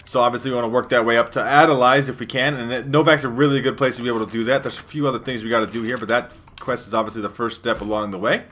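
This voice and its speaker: A man's voice: mid-range voice, fairly even intonation, racing, few pauses, fairly bright tone, slight background noise. A young man casually commenting over his own gameplay, loose and profane, rambling with lots of fillers. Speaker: gaming youtuber. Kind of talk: let's play commentary.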